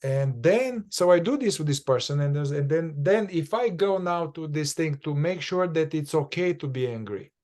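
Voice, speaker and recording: Guy with a higher voice, first language romanian, animated, acts out little examples, lots of restarts. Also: moderate pace, hardly any pauses. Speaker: inquiry facilitator. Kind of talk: casual podcast teaching.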